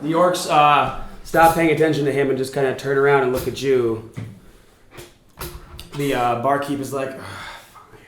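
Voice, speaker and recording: A man's voice: medium pitch, steady tone, moderate pace, long pauses, slight background noise. Casual man running a tabletop game in an echoey room. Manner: casual, loose narration that slips into brief character voices. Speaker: game master.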